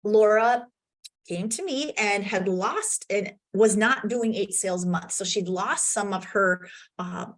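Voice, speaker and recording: A woman coach giving an energetic virtual conference talk, telling client stories and acting out their lines, on a video call. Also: mid-range voice, a little slow. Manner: energetic storytelling, acts out client's quotes.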